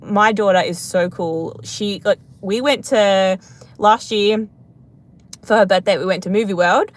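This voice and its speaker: A chatty woman in her thirties, answering viewer comments on a livestream. She rambles from one thought to the next, pokes fun at herself, and keeps an easygoing, conversational flow. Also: mid-range voice. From Australia. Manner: rambling, chatty, self-deprecating. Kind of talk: casual live Q&A chat.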